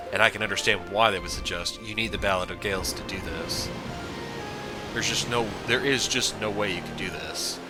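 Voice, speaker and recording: A man with a lowish voice talks his way through a video game in loose, rambling commentary, full of goofy, self-mocking asides. Game music plays clearly behind him the whole time. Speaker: let's play host.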